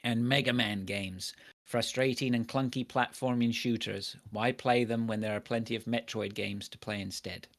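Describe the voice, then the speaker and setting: A man from Canada hosts a casual gaming podcast, joking and laughing through the chat. His pitch sits in the middle range and he swears freely. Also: fairly even intonation, normal speed. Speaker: podcast host.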